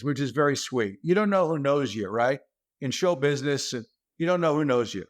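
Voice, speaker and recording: A man, a stand-up comedian, telling animated, self-deprecating stories as a guest over a video call. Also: a little high, moderate pace. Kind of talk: comic storytelling.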